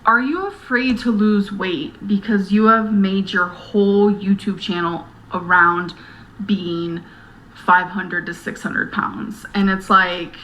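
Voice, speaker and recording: A woman's voice: medium pitch, fairly even intonation, slow pace, fairly bright tone, a little hiss or hum, poor audio. A woman vlogging to camera in a rambling, earnest, emotional way. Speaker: YouTuber. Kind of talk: talking to camera vlog.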